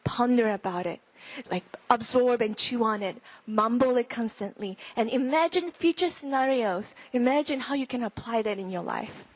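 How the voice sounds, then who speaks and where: A young woman gives a Bible lesson in an easy, chatty way. Her voice sits high, and the sound is dry and close. She often acts out her own inner thoughts and whispers verses to show how to ponder them. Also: moderate pace, dry recording, low-quality recording. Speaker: Bible teacher. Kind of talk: sermon-style teaching.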